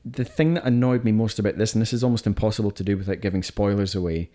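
A man's voice: fairly low pitch, fast talker, dark tone. A man co-hosting a film podcast, talking in a chatty, opinionated way and often restarting his sentences. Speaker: podcast co-host reviewing films. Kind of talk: casual chat.

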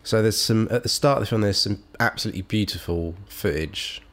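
A man in his thirties with a British accent, co-hosting a podcast and chatting casually about films in an animated, exasperated way. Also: on the low side, brisk. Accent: British English. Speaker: podcast co-host. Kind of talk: casual film chat.

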